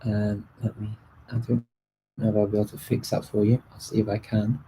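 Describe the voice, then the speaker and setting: A man's voice: fairly low pitch, flat delivery, fairly quick, mellow, slight background noise, low-quality recording. A man hosting a live stream, answering viewer questions in a casual, chatty way with frequent ums and restarts. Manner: chatty, many ums and restarts, light laughs.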